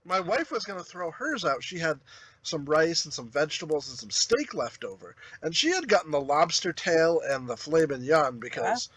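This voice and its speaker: Podcast co-host, man, high bright voice, rambling anecdotes, frequent laughter. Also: very animated, moderate pace. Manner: rambling storyteller, laughs often. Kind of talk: casual chat.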